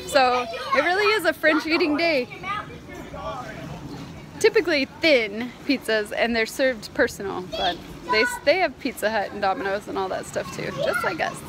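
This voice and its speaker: A bubbly woman in her thirties narrates her family vlog and drops in the odd French word. Her voice sits fairly high and swings up and down with lots of life. The chatter of a group of people carries on around her. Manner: bubbly and affectionate, slips in French words. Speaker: mother and vlog host.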